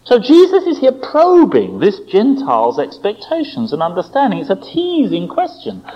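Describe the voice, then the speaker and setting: A man preaching a sermon, his pitch sweeping widely between high and low as he acts out quoted voices and asks rhetorical questions. His voice sits a little higher than most men's. The recording is dull and lo-fi. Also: normal speed. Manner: expressive, questioning asides, dramatic quoted voices.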